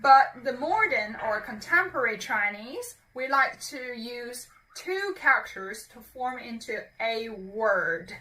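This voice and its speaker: Bright-voiced woman teaching a slow lesson. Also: fairly high pitch, expressive, distant mic. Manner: patient, repeats words slowly for learners. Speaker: Chinese language teacher. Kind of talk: beginner language lesson.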